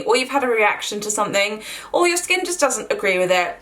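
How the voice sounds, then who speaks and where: A woman's voice: mid-range voice, big pitch swings, a little fast, fairly bright tone. Chatty woman reviewing skincare. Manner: chatty, enthusiastic, filler-heavy. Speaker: beauty vlogger. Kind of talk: casual skincare review to camera.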